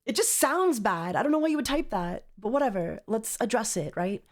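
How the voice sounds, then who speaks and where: Woman streamer ranting casually on stream, kinda high voice, keeps repeating lines, exasperated. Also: sing-song, fairly quick. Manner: exasperated, rambling, repeats herself. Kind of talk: casual livestream commentary.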